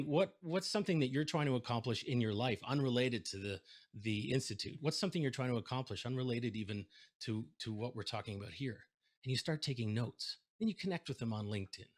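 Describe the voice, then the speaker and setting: Speaking into a desk microphone from his home setup, a keynote speaker addresses a video call. The man has a mid-range voice and is an animated storyteller who acts out the quoted voices of the people in his story.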